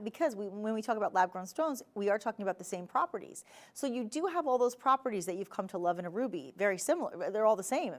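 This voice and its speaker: Brief: New Jersey woman, live shopping-channel host, chatty and enthusiastic pitch, medium pitch. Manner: chatty, enthusiastic sales patter.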